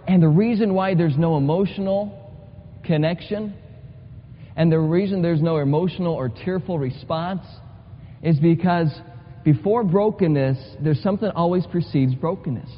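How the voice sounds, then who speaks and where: A man preaching in a church, his voice somewhat high for a man and carried by a long reverb through the hall. He speaks earnestly, repeating key words and pressing toward urgent emphasis. The recording is muffled and dull. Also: normal speed, slight background noise. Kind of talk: sermon. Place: church sanctuary.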